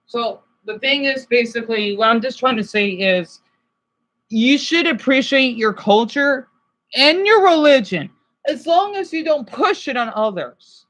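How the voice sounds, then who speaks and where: A man's voice: very high-pitched, expressive, a little slow, a bit bright, poor audio. Rambling man chatting on a livestream. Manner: rambling, jumps between topics, swears casually. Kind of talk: casual livestream chat.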